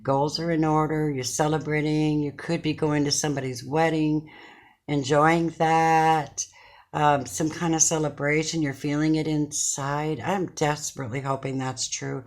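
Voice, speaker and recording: A woman's voice: low-pitched, flat delivery, measured pace, a little mellow. A middle-aged woman giving a casual tarot reading to her viewers from her chair at home, talking in an effusive, affectionate, chatty way. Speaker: tarot card reader.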